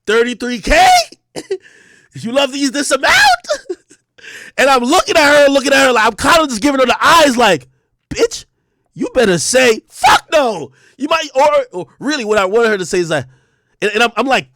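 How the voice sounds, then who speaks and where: A man's voice: very high voice, sing-song, a little fast, sharp tone, no room sound, clean studio sound. A man streaming and telling a long profane story, laughing often and acting out each side of the conversation. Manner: profane, laughing, acts out both sides of the dialogue. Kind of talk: animated storytelling on a livestream.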